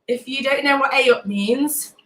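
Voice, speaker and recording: On a low-quality recording, a late-twenties woman with a Nottingham English accent runs a relaxed livestream from her home city of Nottingham, England. She talks at a normal pace in a high, fairly bright voice, laughing frequently and greeting viewers by name.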